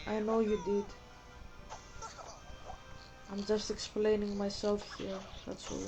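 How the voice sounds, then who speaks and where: Slow, flat-voiced woman vlogger. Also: mid-range voice, over music, poor audio. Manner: halting, searching for words. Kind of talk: casual vlog monologue.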